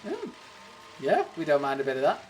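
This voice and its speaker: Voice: medium pitch, wildly swooping pitch, fairly quick, darkish tone, faint music behind. A streamer chatting casually to viewers during a game livestream, rambling between topics and laughing often. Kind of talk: casual livestream chat while gaming.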